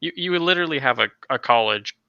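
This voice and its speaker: A man chatting casually with fellow players about their tabletop campaign, animated and slipping into quick character voices. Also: mid-range voice, creaky, clear, resonant tone, no echo, dull audio.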